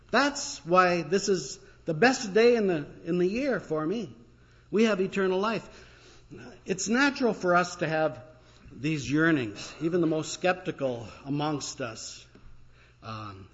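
A pastor preaching an Easter sermon, retelling a story in a conversational way with pauses and fillers. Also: male voice, on the high side, fairly bright tone, lo-fi sound. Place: church.

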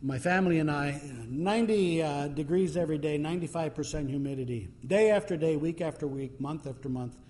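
A male preacher tells his stories in a relaxed, chatty way, often pausing with fillers. His fairly high voice carries a long hall reverb, as if he is speaking in a church. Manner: conversational storytelling with fillers. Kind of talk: sermon.

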